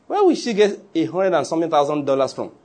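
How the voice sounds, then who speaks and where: A man preaching a sermon through an animated story with side remarks. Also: a little high, quick pace.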